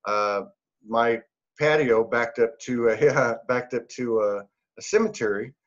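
A middle-aged podcast guest with a medium-pitched, animated voice speaks at a measured pace in lo-fi sound. His casual story is personal, earnest, and rambling, full of laughter and fillers.

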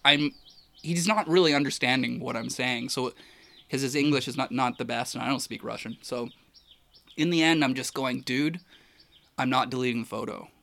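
A photographer telling a long story in a casual, rambling way, with many restarts and fillers. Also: male voice, mid-range voice, moderate pace, gravelly, a bit bright.

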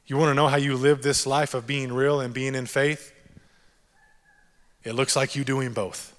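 A man preaching a sermon as pastor, animated and jokey, repeating key phrases for emphasis. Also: medium pitch, moderate pace, long reverb tail.

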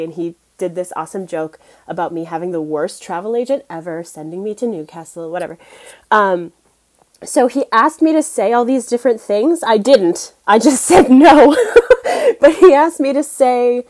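A woman's voice: mid-range voice, lively intonation, moderate pace, a little mellow. A young woman from the United States telling casual, self-deprecating stories on a podcast, with many fillers and laughs. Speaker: guest podcast host. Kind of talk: casual storytelling monologue.

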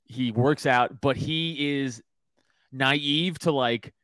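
A man hosting a podcast, telling a story in casual chat, animated, swearing and laughing often. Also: medium pitch, extremely slow, no room sound. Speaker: podcast host.

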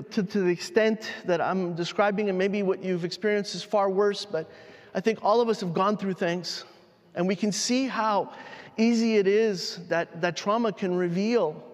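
A man with a high voice preaches a sermon, telling a personal story in a halting, heartfelt way and often restarting his sentences. His voice rings with long reverb in a large hall. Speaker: pastor.

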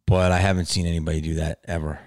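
A man hosting his own podcast, rambling in a casual, profane monologue that swings from mumbles to loud outbursts. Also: sits low, level tone, quick pace, dry recording, studio quality. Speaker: podcast host.

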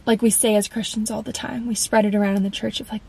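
A woman in her twenties hosts a faith podcast and tells her testimony in a raw, confessional monologue. Her voice sits a little high and carries a gravelly fry, and she slips into acting out what she once said to God and to others. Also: steady tone, fast talker, a little mellow, poor audio. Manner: earnest and confessional, acting out her own past dialogue. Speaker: podcast host.

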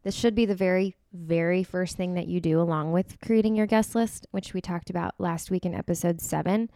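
A woman's voice: fairly low pitch, steady tone, brisk, dark tone. A woman co-hosting a wedding-planning podcast in casual chat, giving earnest, emphatic advice. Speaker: podcast co-host.

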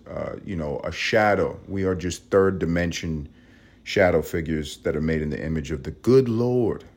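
A man from Puerto Rico hosting a casual podcast monologue with a gravelly vocal fry, rambling and profane, jumping from loud outbursts to low mutters. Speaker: podcast host.

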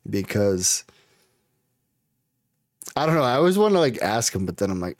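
Lively, joking young man in casual chat. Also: medium pitch, normal speed, long pauses, no room sound, studio quality. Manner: loose and joking, swears freely, acts out what he'd say. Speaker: podcast co-host.

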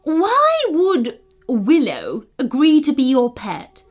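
A woman's voice: sits high, wildly swooping pitch, takes it slowly, faint music behind, pitched above the performer's own voice, exaggerated voice. A woman voicing a serious, regal female red panda queen for a storybook reading.

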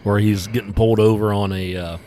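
A man with a fairly low voice, chatting loosely as one of the hosts of a podcast. He rambles through folksy stories, circling back and restarting his sentences. A faint hiss of noise sits under the recording. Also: fairly even intonation, fairly quick, warm tone. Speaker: podcast co-host. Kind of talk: casual chat.

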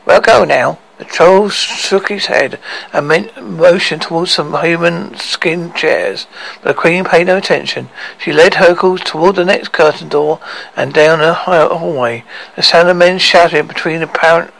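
A man reading a storybook aloud in a halting way, stumbling and correcting himself often. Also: a little high, steady tone, gravelly, a bit bright, low-quality recording. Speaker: narrator.

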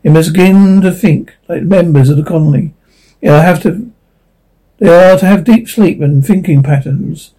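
A cold, authoritarian controller, read by a man issuing stiff orders. The voice is high yet dark in tone. It is slightly husky. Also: moderate pace, poor audio. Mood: commanding. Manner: commanding, stiff.

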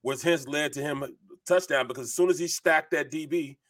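A middle-aged former football lineman, now co-hosting a sports talk show, tells lively, meandering stories packed with filler words. His pitch is fairly high and his delivery brisk.

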